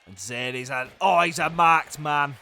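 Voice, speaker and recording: A young man giving excitable play-by-play commentary on a wrestling video game, swinging from hushed groans to loud shouts. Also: fairly high pitch, measured pace, vocal fry.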